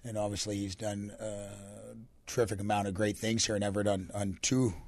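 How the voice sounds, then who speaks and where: A young Canadian man, a hockey coach with a deep, raspy voice, answering radio interview questions in a relaxed, rambling way. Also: a little fast, no echo. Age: young adult. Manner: relaxed, rambling answers with many fillers and restarts.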